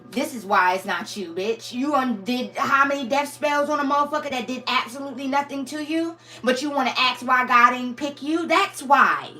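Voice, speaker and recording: A woman talks straight to her viewers in a casual spiritual reading, blunt and heavy on the profanity. Her voice sits a little high. Faint music plays under her. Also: normal speed, hardly any pauses, bright, forceful tone. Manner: blunt, profane, laughs often. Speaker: tarot reader.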